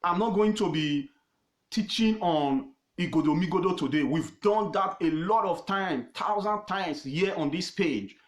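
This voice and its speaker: A man with a Nigerian accent teaching history informally on his own page, emphatic and repetitive, pausing often with fillers. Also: sits high, reverberant. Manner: emphatic, repeats words, pauses with fillers.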